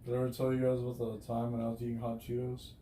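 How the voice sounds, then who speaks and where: A man's voice: medium pitch, completely flat delivery, very fast, mellow. A young man co-hosting a podcast, telling laid-back, slangy stories among friends. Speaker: podcast co-host. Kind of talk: casual chat among friends. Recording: roomy, distant mic with faint hiss.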